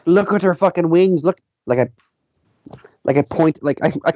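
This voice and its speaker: A tabletop game player in excitable, profane banter with the group. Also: mid-range voice, moderate pace. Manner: excitable, swears a lot. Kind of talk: casual banter. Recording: dry, muffled lo-fi audio.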